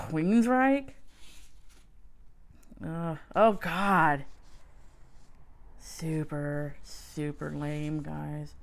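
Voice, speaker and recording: A woman hosting a casual podcast, reading through an old music magazine and commenting wryly, with self-mocking asides and excited exclamations. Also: on the low side. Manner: wry, self-mocking, exclaims over finds. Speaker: podcast host.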